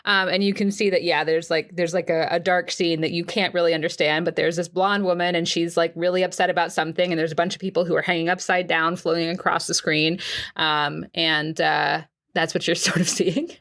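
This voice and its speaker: A woman's voice: on the low side, flat delivery, brisk, a bit bright. A woman narrating as game master, casual and chatty with many fillers.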